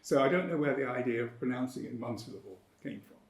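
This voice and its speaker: A man giving an academic lecture in a measured, precise way, with firm emphasis on key points. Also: medium pitch, animated. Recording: roomy lecture hall.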